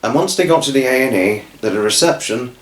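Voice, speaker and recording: Animated man telling a story, echoey room. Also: medium pitch. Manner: halting, restarts and repeated words. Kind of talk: improvised storytelling.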